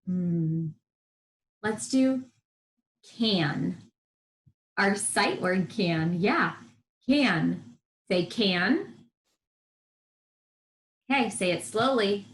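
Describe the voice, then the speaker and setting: Teaching first grade to young children on a televised lesson, a woman uses a medium-pitched, fairly bright voice, offering encouragement and voicing letter sounds in a sing-song manner. There's a roomy echo.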